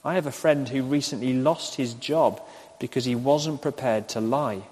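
A man preaching a recorded sermon, speaking slowly and repeating his questions for listeners to write down. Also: mid-range voice, a little mellow, husky. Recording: echoey hall with long reverb.

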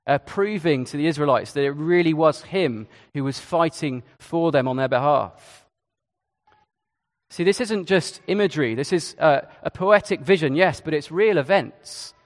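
Man, sermon, slightly high voice, chatty with asides, echoey church. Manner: conversational, with hesitations and asides. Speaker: Church of England preacher.

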